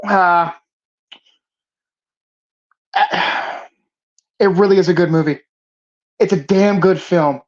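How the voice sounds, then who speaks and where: A woman's voice: fairly low pitch, takes it slowly, pauses often, highs cut off. Profane, ranting woman movie podcast host. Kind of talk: casual movie discussion.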